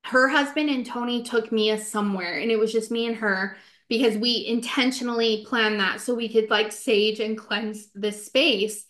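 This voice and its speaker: Woman, podcast co-host, casual storytelling, slightly high voice, filler-heavy. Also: steady tone, moderate pace, fairly bright tone. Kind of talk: casual chat.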